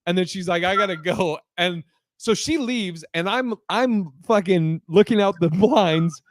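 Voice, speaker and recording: Animated, profane man telling a story. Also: high-pitched, unhurried, no room sound. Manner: animated, profane, laughs often. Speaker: podcast co-host. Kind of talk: casual storytelling.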